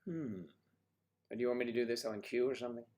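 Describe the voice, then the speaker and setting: A man's voice: medium pitch, fast talker, darkish tone. A man hosting a casual livestream, reading out viewer comments and chatting, teasing and calling people honey and sweetie. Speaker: livestream host reading chat.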